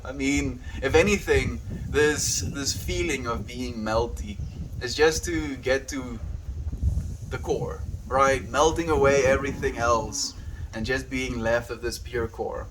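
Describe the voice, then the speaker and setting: A man's voice: mid-range voice, unhurried, background noise. Giggly, playful male livestreamer. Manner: playful and giggly, often laughing; earnest and gentle when reflecting. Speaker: livestreamer reading viewer chat. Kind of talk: casual livestream chat.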